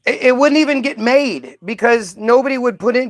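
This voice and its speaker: High-voiced man ranting, dry close sound. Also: normal speed, no room sound. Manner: ranting, profane, repeats words when worked up. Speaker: commentator. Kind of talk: heated commentary while reading aloud.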